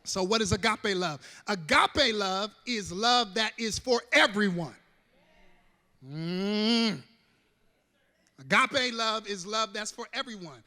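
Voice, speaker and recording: A male pastor delivers a sermon, calling on the congregation to repeat lines after him. His voice sits high and rings bright. It moves between quiet, close talk and sudden shouts, and a long hall reverb trails behind it. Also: expressive, slow pace. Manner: call-and-response preaching, swings from hushed to shouting.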